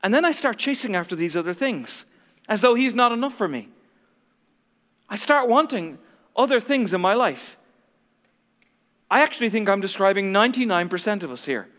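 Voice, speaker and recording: A man's voice: high-pitched, animated, normal speed, long pauses, a bit bright. A male pastor preaching an impassioned, dramatic sermon to a congregation in a large church hall. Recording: long hall reverb.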